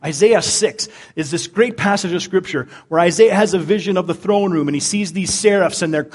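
A man's voice: sits high, brisk. A middle-aged man, a pastor, preaching a conversational sermon and often repeating words as he searches for them.

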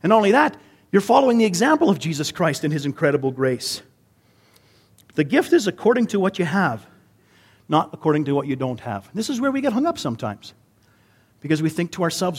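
Earnest Canadian pastor preaching. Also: male voice, a little high, big pitch swings, brisk, husky. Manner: earnest, conversational preaching with rhetorical questions. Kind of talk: sermon.

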